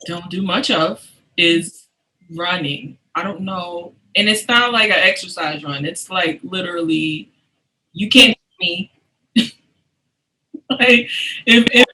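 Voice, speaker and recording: A woman hosting a casual podcast interview, animated and quick to laugh, often restarting her sentences. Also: fairly low pitch, rough recording. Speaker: podcast host.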